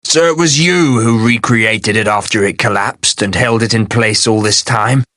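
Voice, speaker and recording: A man voicing a gruff former inquisitor in an audiobook, sounding urgent and strained. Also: on the low side, moderate pace, sharp tone, dry recording, studio quality. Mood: probing. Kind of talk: audiobook character voice.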